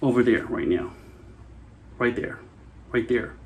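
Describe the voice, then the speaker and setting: A man's voice: mid-range voice, animated, unhurried, a little mellow, slight background noise. Rambling, frank-talking man vlogger. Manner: rambling, frank, swears casually. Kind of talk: casual vlog talk.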